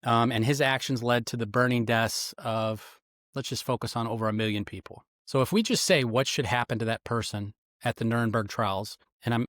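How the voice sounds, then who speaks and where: Retired investigator type, middle-aged man, rapid teaching talk, dry mic. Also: mid-range voice, no echo. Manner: animated, instructive, acts out quoted lines. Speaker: guest, retired federal agent and interrogator. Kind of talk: explanatory interview talk.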